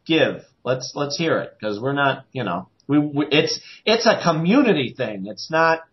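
A man co-hosting a podcast in casual chat, animated and quick to joke. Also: on the high side. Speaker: podcast co-host. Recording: dull lo-fi sound.

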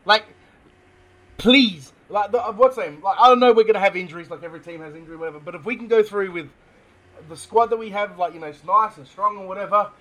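A high, bright Australian man talking in a casual sports chat, bubbly and quick to laugh. He rambles and stumbles over names as he gets worked up. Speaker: podcast co-host.

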